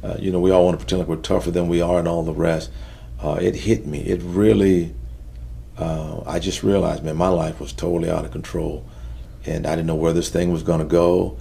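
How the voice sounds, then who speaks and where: A middle-aged man giving a personal testimony in an interview, earnest and halting, dropping quiet at the heavy moments. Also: sits low, little pitch movement, creaky. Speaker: interview guest.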